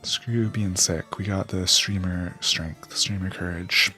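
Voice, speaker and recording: A man's voice: deep voice, fairly even intonation, takes it slowly, few pauses, sharp tone, slightly rough, soft background music. A man casually commenting on a game while streaming, with blunt reactions. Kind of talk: let's play commentary.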